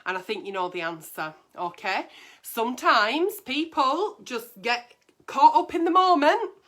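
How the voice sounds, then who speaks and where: Woman in her forties, high voice, bright and sharp tone, blunt and sweary agony aunt. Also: lively intonation, measured pace. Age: 40s. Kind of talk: casual advice chat.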